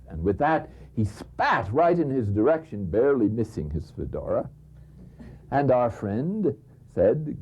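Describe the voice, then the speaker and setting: Older male priest, husky and mellow, animated storyteller; dull lo-fi recording. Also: lowish voice, unhurried. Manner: lively storytelling, chuckles, drops to a hush for emphasis. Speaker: priest giving a spiritual conference. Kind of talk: spiritual talk with anecdotes.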